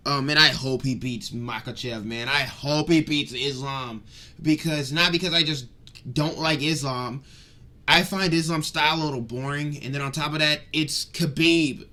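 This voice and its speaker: A young man giving a fired-up, rambling breakdown of a fight, swinging between loud rants and muttered asides. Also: medium pitch. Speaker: MMA commentary vlogger.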